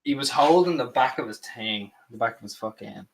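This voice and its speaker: A man's voice: mid-range voice, expressive, a little fast, vocal fry, poor audio. A man co-hosting a football watch-along, bantering bluntly and swearing. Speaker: co-host.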